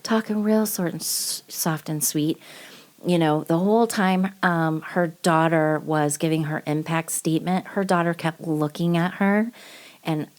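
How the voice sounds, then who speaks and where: A woman's voice: low-pitched, fairly even intonation, a little slow. A woman hosting a true-crime podcast, talking casually and bluntly, swearing freely with lots of fillers. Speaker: podcast host.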